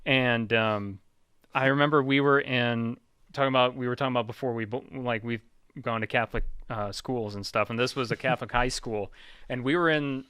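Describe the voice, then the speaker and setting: A man's voice: medium pitch, fairly even intonation, brisk, fairly bright tone, smooth, dry recording, studio quality. A man hosting a casual podcast, telling stories in a rambling way and laughing often. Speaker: podcast host.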